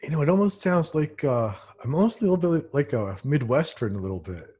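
Interviewer, husky tone, lively swooping pitch, quick short prompts. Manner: prompts with short cues, laughs along. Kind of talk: casual interview chat.

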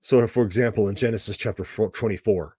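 A man's voice: fairly low pitch, steady tone, quick pace, warm tone, husky, no echo, clean studio sound. A man teaching a Bible passage verse by verse, explaining the background in a conversational way with casual asides.

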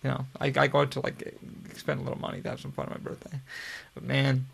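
A young podcast host tells a long story in a mid-range voice that is completely flat, fast, creaky, and slightly rough. His manner is laid-back, profane, and rambling.

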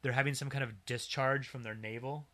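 Bright-voiced man telling a story casually. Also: medium pitch, brisk. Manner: relaxed, recounts a strange story with dry humor. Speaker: podcast co-host.

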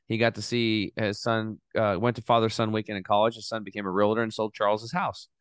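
Animated man, smooth low voice. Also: a little fast, no room sound. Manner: animated, swears casually. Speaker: podcast guest. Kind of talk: casual storytelling.

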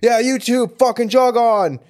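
A man voicing an angry young woman who yells at a group of men. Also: very high-pitched, fairly even intonation, measured pace, pitched above the performer's own voice. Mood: furious.

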